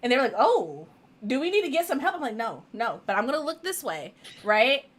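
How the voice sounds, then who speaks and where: A woman co-hosting a casual writing chat over a video call, playful and animated, laughing often. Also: sits high, brisk.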